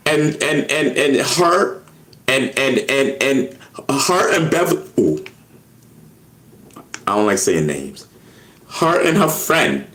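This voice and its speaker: A man telling a rambling story to his viewers, repeating words and acting out what others said. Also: on the high side. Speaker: YouTube personality.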